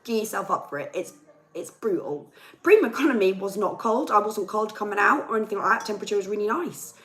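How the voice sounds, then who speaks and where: Casting note: young woman, chatty livestream host, chesty and hoarse, mid-range voice. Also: medium pitch, lively intonation, fast talker, a bit bright, low-quality recording. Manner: chatty, ranting, reads viewer comments aloud. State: chesty, losing her voice. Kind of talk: casual live chat with viewers.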